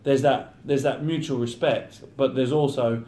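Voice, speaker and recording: Chatty footballer in a roomy space. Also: male voice, medium pitch, steady tone, normal speed, mellow. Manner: chatty, acts out teammates' banter. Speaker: professional footballer. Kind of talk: casual interview chat. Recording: roomy echo.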